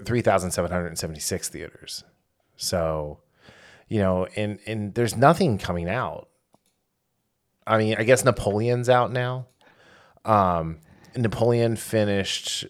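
A man co-hosting a casual podcast, reading out box-office figures with many fillers and quick self-corrections. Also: sits low. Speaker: podcast co-host.

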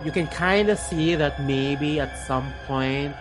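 Male game master, halting narration, music behind. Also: a little high, low-quality recording. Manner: hesitant, lots of fillers and restarts.

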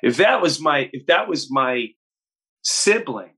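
Forceful, husky man telling stories. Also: a little high, slow. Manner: animated, acts out quotes in other voices. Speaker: guest comedian. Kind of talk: storytelling in an interview.

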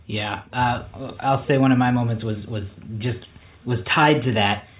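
A man's voice: medium pitch, steady tone, measured pace. Man chatting with playful quips. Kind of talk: casual chat.

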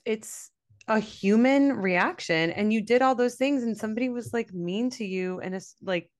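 A woman's voice: fairly high pitch, normal speed. A young woman co-hosting a podcast who talks in a chatty, reassuring way, with many fillers. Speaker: podcast co-host. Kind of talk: casual chat.

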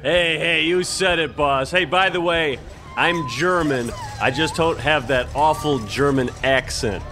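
A man's voice: a little high, measured pace, bright, forceful tone, faint music behind. An actor playing a laid-back, drunk male German henchman in a comedy audio play. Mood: easygoing.

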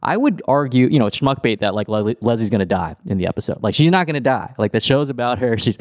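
A man's voice: mid-range voice, lively intonation, fast, no room sound, clean studio sound. A man hosting a podcast, talking casually and often chuckling as he rambles. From Los Angeles. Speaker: podcast host. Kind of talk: casual chat.

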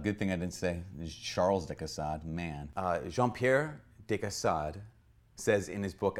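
A man who is a priest, giving a casual, animated spiritual talk and often correcting himself as he goes. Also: on the low side. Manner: animated, conversational, self-correcting.

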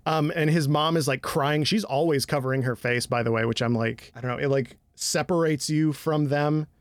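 A young man talks through anime episodes in a lively, casual way, his voice sitting a little high for a man. The sound is close and dry, with no room around it. He laughs easily and jumps into exaggerated character voices. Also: normal speed, dry recording. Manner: animated, breaks into loud impressions and laughter. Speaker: podcast co-host.

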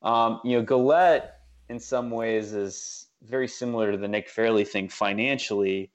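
A man's voice: on the low side, normal speed, muffled recording. A man co-hosting a casual sports podcast, talking loosely with lots of fillers and restarts. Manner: loose, rambling, frequent fillers. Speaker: podcast co-host.

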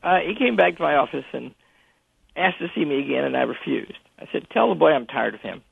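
A man with a gravelly, husky voice tells a story over a tinny, dry phone line. He talks in an anecdotal way and keeps stopping to restart his sentences, the way a college president might recount a case from his years on the job. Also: fairly high pitch, expressive, no echo. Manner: anecdotal, halting with frequent restarts. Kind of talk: telling a story in a phone interview. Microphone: telephone.

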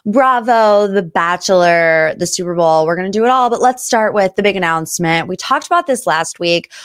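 This Northeast Ohio podcast host, a young woman, rambles cheerfully through pop culture talk in a relaxed, chatty way. Her pitch is fairly low, and the clean studio sound has no room ambience.

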